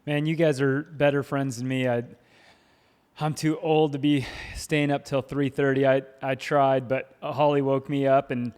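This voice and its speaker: A middle-aged man co-hosting a podcast in casual chat, animated, laughing often and stumbling over his first words. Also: medium pitch, measured pace, smooth. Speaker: podcast co-host. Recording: long hall reverb.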